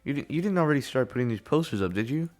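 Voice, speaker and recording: A man's voice: medium pitch, expressive, racing, darkish tone, pitched above the performer's own voice, natural voice. Man doing a short-tempered young girl, snappy and sulky. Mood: indignant. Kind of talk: voicing a visual novel.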